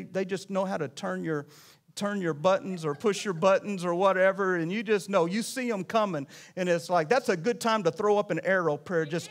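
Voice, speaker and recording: A pastor preaching a sermon in a church, in a conversational way with many restarts and asides. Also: male voice, high-pitched.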